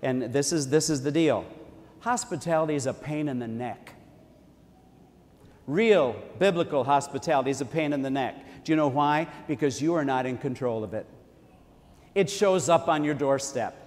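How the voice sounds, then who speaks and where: A man's voice: mid-range voice, normal speed, darkish tone, long reverb tail. A man preaching a sermon in a church in a conversational tone, repeating key phrases for emphasis.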